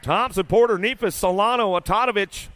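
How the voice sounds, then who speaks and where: A man announcing live BMX races in an indoor arena, rattling off riders' names in rapid play-by-play with casual, folksy banter. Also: high-pitched, fairly bright tone, no room sound. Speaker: race announcer. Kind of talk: live BMX race commentary.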